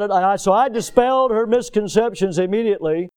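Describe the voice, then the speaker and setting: High-voiced Southern pastor preaching. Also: male voice, normal speed, clear, resonant tone. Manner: earnest preaching, swinging between emphatic peaks and hushed low passages; folksy storytelling with chuckles. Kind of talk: sermon.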